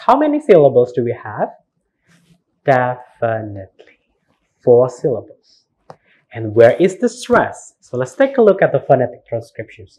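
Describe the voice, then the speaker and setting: A man with an Indonesian accent teaching phonetics in a recorded university lecture, slowly spelling out words and repeating them. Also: mid-range voice, darkish tone, slightly rough. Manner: slow, spells words letter by letter, repeats words for practice.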